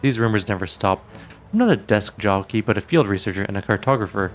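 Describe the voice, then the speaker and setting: A man's voice: lowish voice, lively intonation, quick pace, soft background music, close to an everyday voice. A man voicing a vain, peevish male scholar and alchemist in a game, talking in a haughty, lecturing way. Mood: boastful.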